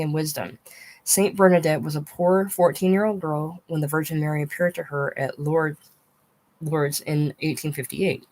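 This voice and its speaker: A woman's voice: sits low, a little mellow, poor audio. A woman reading a memoir written as a dialogue aloud, telling stories in a conversational way and speaking the quoted lines. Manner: conversational storytelling, quoting others aloud. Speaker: audiobook reader.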